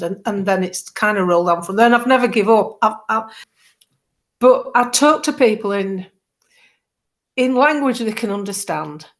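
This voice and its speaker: Middle-aged woman, guest on a talk show, lively storyteller who acts out every quote. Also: medium pitch. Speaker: political campaigner, guest. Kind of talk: casual chat.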